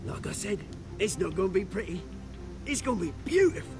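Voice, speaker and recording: A man's voice: sits high, big pitch swings, a little fast. An actor playing a bitter young British man turned street revolutionary, swaggering and cocky, then brooding and menacing, in a game scene. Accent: British English. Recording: game audio with music underneath. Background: game score.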